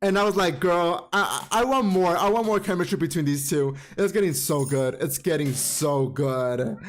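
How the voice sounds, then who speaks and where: A man's voice: fairly high pitch, normal speed. A man recapping an anime episode in a casual vlog, gushing, chatty and full of profanity. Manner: calls listener "girl" often.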